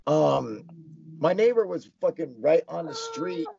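A young man tells his story in a rush of excitement, peppering it with swearing and "like". His voice sits a little high, gravelly and husky. The recording is dry and dull. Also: a little slow, dry recording. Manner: excited, swears a lot, heavy filler "like". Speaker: interview guest. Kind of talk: casual storytelling. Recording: dull lo-fi sound.

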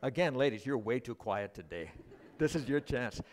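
A middle-aged male pastor preaching a sermon at a church service, joking with the congregation as an animated storyteller. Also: mid-range voice, moderate pace. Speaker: guest pastor.

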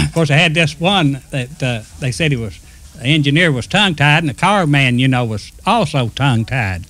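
A man's voice: a little high, animated, normal speed, a bit bright. A man, casually telling old railroad stories and acting out what people said. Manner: folksy yarn-spinner, acts out quoted speech. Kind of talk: casual storytelling.

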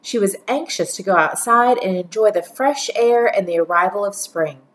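A woman reading a children's storybook aloud in a gentle, steady storytelling manner. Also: medium pitch, normal speed. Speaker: narrator.

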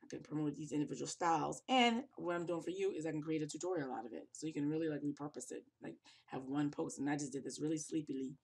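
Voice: mid-range voice, fast talker, vocal fry, few pauses, a little mellow, breathy edge. A fashion blogger walking through a screen tutorial, sounding exhausted and yawning, rambling casually with many restarts. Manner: rambling, thinking aloud with restarts. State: tired, yawning.

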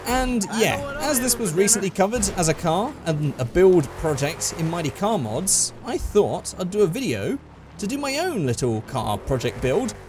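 Lively, rambling gaming-channel man. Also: high voice, normal speed, over music. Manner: rambling and self-deprecating, with frequent restarts. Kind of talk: casual commentary over gameplay. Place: small room alone. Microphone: desk microphone.

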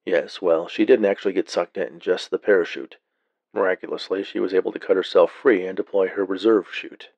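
Deadpan cop, read by a man, low husky voice, flat and unbothered. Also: a little fast, dry recording, dull audio. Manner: flat, matter-of-fact. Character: calm deadpan male police officer.

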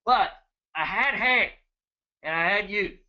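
Guy in his 30s running a trading webinar, high bright voice, jokey and chatty, muffled lo-fi sound. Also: slow pace. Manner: energetic, joking, chatty, greets viewers by name. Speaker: trading educator hosting a webinar. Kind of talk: casual live webinar talk.

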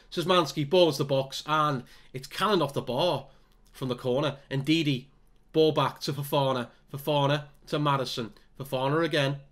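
A man giving excitable, exasperated running commentary on a football management game, with his voice starting to go. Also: fairly high pitch. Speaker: gaming YouTuber.

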